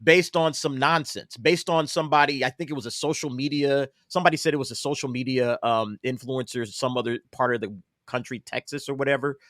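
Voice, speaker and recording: A man's voice: mid-range voice, fairly even intonation, fairly quick, hardly any pauses, a bit bright, dry recording, studio quality. A man speaking emphatically in a casual political panel discussion, with many fillers and restarts. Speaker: panel guest.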